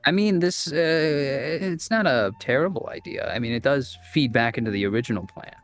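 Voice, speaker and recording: A man at a mid-range pitch plays in an online tabletop session, talking loosely and with a playful, joking edge. He often laughs into his words. Faint music plays behind him. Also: moderate pace. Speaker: player. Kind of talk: casual chat in a tabletop game.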